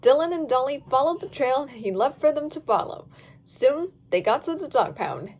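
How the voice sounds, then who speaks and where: Woman reading a lively storybook. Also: high-pitched, moderate pace. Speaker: reader. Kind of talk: storybook narration of fan fiction.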